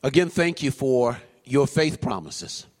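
A man preaching a sermon in a church, swinging from low murmurs to high, shouted calls. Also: expressive, unhurried, in a large hall. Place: church sanctuary.

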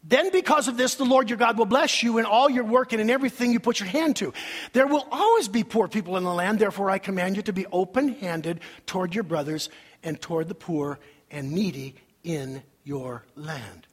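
Male pastor, husky, high-voiced, sermon in a reverberant church. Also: fairly quick. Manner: animated preaching with acted-out quotes. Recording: long hall reverb.

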